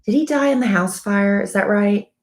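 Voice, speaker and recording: A woman's voice: medium pitch, normal speed. A middle-aged woman with a Southern US accent, co-hosting a casual live-stream chat and telling stories at length. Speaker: co-host.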